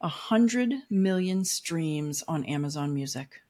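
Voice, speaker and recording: Lady podcast host on a call, lowish voice, quick and chatty with her questions. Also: lively intonation, darkish tone. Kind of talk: casual interview.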